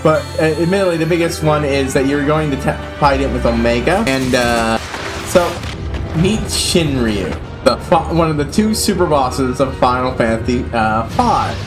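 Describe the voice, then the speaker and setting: Excitable man streaming a game. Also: mid-range voice, moderate pace. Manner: excitable, swears freely. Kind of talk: casual game commentary. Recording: voice filter, music behind.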